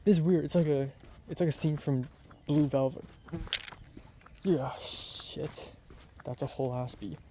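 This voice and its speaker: A man's voice: fairly high pitch, a little fast, noisy background. A man in his twenties telling a story in a casual vlog, rambling and chatty with lots of fillers. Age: 20s. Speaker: vlogger.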